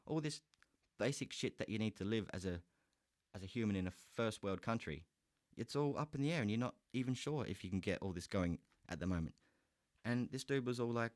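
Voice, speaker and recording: A man's voice: medium pitch, fairly quick, no echo, studio quality. An Australian man hosting a podcast, giving a heated, profane solo rant. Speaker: podcast host.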